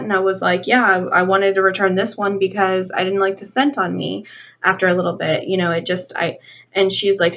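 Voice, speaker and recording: A young woman vlogger telling an animated storytime rant, acting out a dialogue with lots of "like". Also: medium pitch, normal speed. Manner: animated, acts out both sides of a dialogue, heavy use of "like". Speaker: beauty vlogger. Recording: slightly dull lo-fi home video audio.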